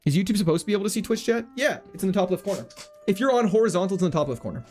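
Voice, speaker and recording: A lively man streaming a game from home, cracking jokes and reading chat aloud. His slightly high voice swings all over the place as he talks. Soft music plays faintly behind him. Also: racing. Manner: jokey, animated, reads chat aloud. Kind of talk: casual livestream commentary.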